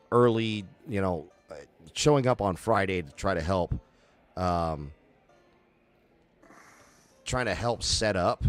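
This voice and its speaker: A man co-hosting a podcast, chatting casually and playfully about a festival, often laughing. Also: low-pitched. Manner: laughing, animated, playful banter. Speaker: podcast co-host. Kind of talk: casual chat.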